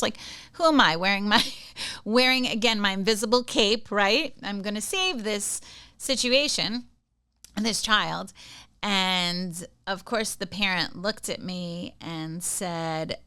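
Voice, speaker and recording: A woman's voice: lowish voice, takes it slowly, pushed and bright, smooth, dry recording. A middle-aged woman hosting a podcast, chatting casually through personal anecdotes and often checking in with her listeners. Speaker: podcast host. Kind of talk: casual advice monologue.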